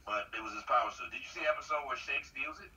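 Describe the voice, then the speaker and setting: Guest: easygoing, teasing man, very bright tone, picked up from a distance with faint noise. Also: medium pitch, racing. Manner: laid-back, teasing, blunt. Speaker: voice actor guest. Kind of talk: casual chat.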